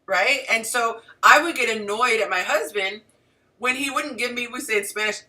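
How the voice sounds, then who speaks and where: A relationship coach hosts a casual livestream, her voice on the high side at a moderate pace and picked up by a distant mic. She talks animatedly and directly to her viewers, dropping frequent asides.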